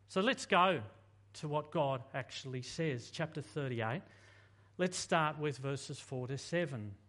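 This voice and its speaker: A man preaching a sermon in an animated, conversational way, full of rhetorical questions. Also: fairly high pitch, measured pace. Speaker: pastor.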